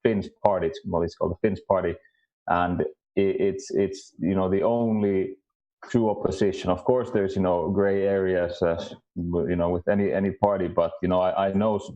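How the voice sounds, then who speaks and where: A man with a Finnish accent, a guest in a casual discussion, speaking haltingly with many restarts and repeated words. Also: low voice, warm tone, muffled recording. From Finland.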